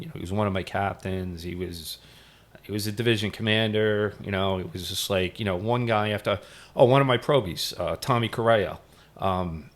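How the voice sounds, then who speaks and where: A middle-aged man with a fairly low voice, a retired firefighter telling stories as a podcast guest. He talks loosely and rambles, with plenty of fillers. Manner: rambling, full of "you know" fillers. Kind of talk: casual storytelling interview.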